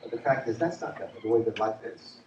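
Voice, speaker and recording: A man preaching a lively retreat sermon as a pastor, joking and asking the crowd questions. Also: fairly low pitch, fast talker, dull audio, background noise. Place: church retreat hall. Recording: echoey hall from far off.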